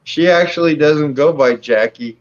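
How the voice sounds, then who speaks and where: A man's voice: fairly high pitch, highs cut off. A man with a small-town Iowa accent and a Southern drawl, a podcast guest who jokes and teases. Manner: joking, teasing. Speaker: guest, paranormal investigator. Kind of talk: casual chat.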